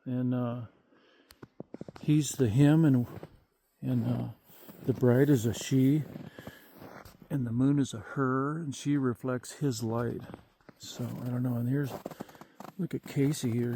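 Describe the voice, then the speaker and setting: Man in his fifties, mellow voice, rambling folksy vlog talk, outdoors at night. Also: medium pitch, fairly even intonation, slow pace, long pauses, a little hiss or hum. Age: 50s. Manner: rambling, folksy, many fillers. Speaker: vlogger.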